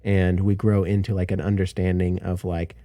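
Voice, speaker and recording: A man's voice: deep voice, flat delivery, moderate pace, warm tone, no room sound, clean studio sound. A man hosting a podcast, casually musing through a thought experiment with many fillers. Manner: musing, speculative, thinks aloud with fillers. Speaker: podcast host. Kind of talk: casual chat.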